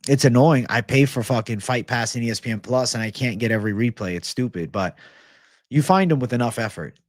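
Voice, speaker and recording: A man's voice: medium pitch, brisk, no echo, studio quality. Profane ranting man hosting a livestream. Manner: profane, ranting, reads viewer comments. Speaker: livestream host. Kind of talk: casual livestream Q&A.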